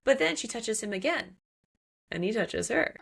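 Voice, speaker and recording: Brief: woman co-host, casual animated book-recap chat, throws in voiced quotes and swearing. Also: on the high side, moderate pace, gravelly. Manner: animated, swearing, acts out characters' lines. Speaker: podcast co-host.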